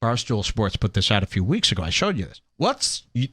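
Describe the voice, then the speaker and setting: A young man hosting a podcast, ranting sarcastically over clips and mocking people in high put-on voices. He is from Illinois. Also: very animated, a little fast, few pauses, pushed and bright. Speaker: podcast host.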